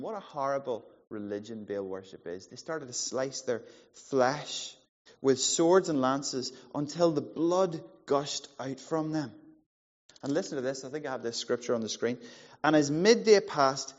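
A man in his forties preaching a sermon, animated and playful, acting out the voices in the story. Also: medium pitch, a little slow. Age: 40s. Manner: animated, playful, acts out quotes. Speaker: pastor. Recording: muffled sound in a large hall.

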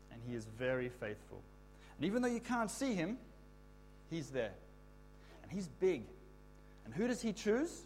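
A man giving a children's talk in church, explaining a word and leading the kids in call-and-response shouts. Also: mid-range voice, a little hiss or hum. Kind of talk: children's sermon.

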